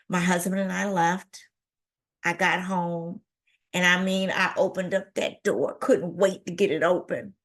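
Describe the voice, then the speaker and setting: Gravelly woman telling a personal story. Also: fairly low pitch, measured pace. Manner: animated, acts out dialogue. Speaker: keynote speaker.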